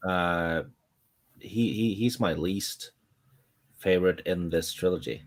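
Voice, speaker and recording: A man's voice: low voice, slow. A man co-hosting a casual chat. His talk is hesitant, with many "uh"s and repeated words.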